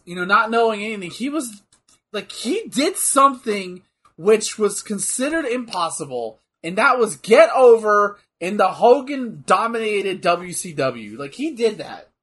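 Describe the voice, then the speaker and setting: A man in casual chat about old wrestling, blunt and swearing freely, with animated bursts. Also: high voice, a little slow, slightly rough.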